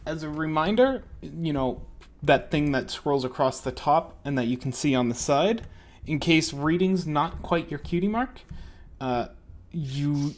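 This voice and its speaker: A man hosting a live art critique stream, chatting casually with frequent hesitations and light jokes. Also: a little high. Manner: relaxed, hesitant, jokey. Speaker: stream host.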